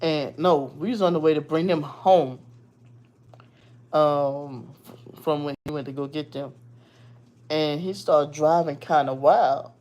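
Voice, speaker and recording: A woman from Virginia hosting her show, casually telling a personal story in a blunt, animated, profane way. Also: deep voice, slow, pauses often, highs cut off.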